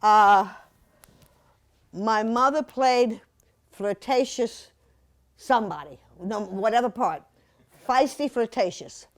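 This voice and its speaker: A woman's voice: a little high, slow, long pauses. A woman in her seventies giving a chatty, playful slide-show talk to a museum audience, full of asides and laughter. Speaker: guest speaker at a museum talk.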